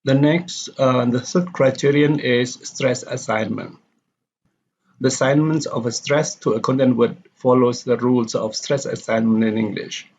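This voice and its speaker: A man's voice: mid-range voice, fairly even intonation, measured pace, darkish tone, slightly rough. A man teaching a pronunciation lecture from slides, steadily reading example sentences aloud and repeating them. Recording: dull lo-fi recording.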